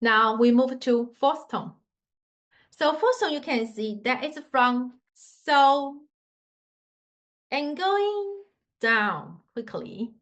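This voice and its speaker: Slow, high-voiced woman teaching tones. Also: very animated, a bit bright. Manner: patient, demonstrating tones with sung scales; simple non-native English phrasing. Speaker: Mandarin teacher. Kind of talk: online language lesson.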